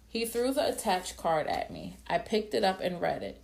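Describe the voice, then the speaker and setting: A woman narrating a dramatic first-person story in a plain, steady reading voice. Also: on the low side, moderate pace, vocal fry, hardly any pauses.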